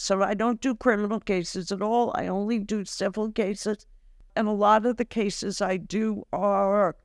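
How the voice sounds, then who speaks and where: An older woman, a former judge, explaining court practice in a measured, deliberate way as a podcast guest. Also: medium pitch, smooth, dry recording, clean studio sound. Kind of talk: podcast interview.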